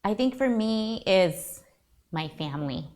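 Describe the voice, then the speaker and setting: A woman hosting a talk show, sharing encouragement in an earnest, halting way. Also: medium pitch, expressive, a little mellow. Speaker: show host and foundation founder.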